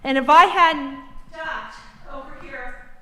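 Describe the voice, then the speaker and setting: Brief: agitated woman resident at a meeting podium, bright, high voice. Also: slow. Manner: upset, emotional, laughing nervously. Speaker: resident giving public comment. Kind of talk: public comment at a town meeting.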